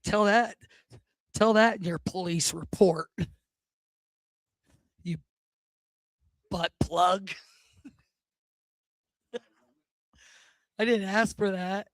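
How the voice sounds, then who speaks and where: Woman, open mic comedian, self-deprecating, unhurried pace. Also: medium pitch, dry recording. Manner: awkward, self-deprecating delivery. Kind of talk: stand-up comedy set.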